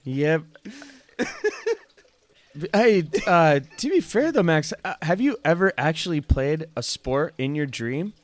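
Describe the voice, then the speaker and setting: A man's voice: fairly high pitch, big pitch swings, slow pace. A man co-hosting a podcast in casual chat, rambling with many fillers and calling his friend "dude". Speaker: podcast co-host.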